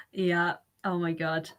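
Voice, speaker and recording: A woman's voice: fairly low pitch, fairly bright tone. A woman hosting a casual livestream chat, rambling and laughing often. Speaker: livestream host.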